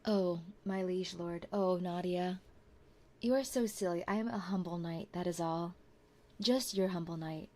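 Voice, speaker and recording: A woman voicing a humble, devoted knight in a whispered role-play, speaking softly in formal, courtly address. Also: fairly low pitch, unhurried, natural voice. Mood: doting. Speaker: streamer.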